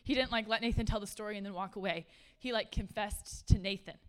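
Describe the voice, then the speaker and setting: A woman, preaching a sermon in a conversational, animated way and laughing often. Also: mid-range voice, quick pace, smooth. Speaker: pastor.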